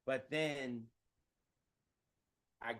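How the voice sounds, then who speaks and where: A man in a relaxed podcast chat, chiming in often with quick remarks as the talk goes on. His voice sits at a middle pitch and stays easygoing. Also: poor audio. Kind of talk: casual conversation.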